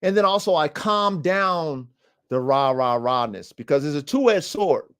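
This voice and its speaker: A man's voice: fairly high pitch, expressive, measured pace, fairly bright tone, smooth. A man hosting a dog podcast, talking casually and animatedly in slang, calling listeners family and bro. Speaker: podcast host and dog trainer.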